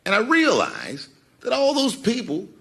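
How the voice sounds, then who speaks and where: A man telling a profane stand-up story, swinging between loud outbursts and hushed mumbles. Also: sits high, wildly swooping pitch, unhurried, vocal fry. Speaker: stand-up comedian.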